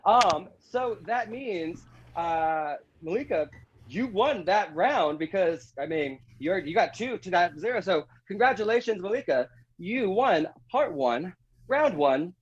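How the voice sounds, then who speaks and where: A man hosting a comedy panel game. He chuckles often, keeps an upbeat tone and reads each question out slowly. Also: high-pitched, lively intonation, husky, dull audio. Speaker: game show host.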